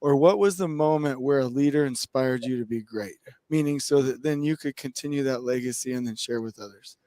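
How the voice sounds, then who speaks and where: A man's voice: medium pitch, brisk, mellow, no room sound. A man on an online conference panel, effusive and openly emotional as he praises and asks questions.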